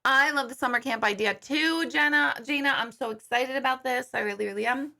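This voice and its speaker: A middle-aged woman hosting a livestream as a psychic medium, talking in a candid, blunt, casual way and cursing freely. Her voice is bright and a little high. It has a gravelly, creaky edge. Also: a little fast. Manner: candid, blunt, swears casually, greets viewers by name.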